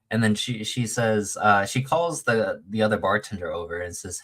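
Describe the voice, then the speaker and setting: A man's voice: on the low side, normal speed, hardly any pauses, a bit bright. A man telling a long story in casual chat, rambling with many fillers and restarts and acting out the quoted lines.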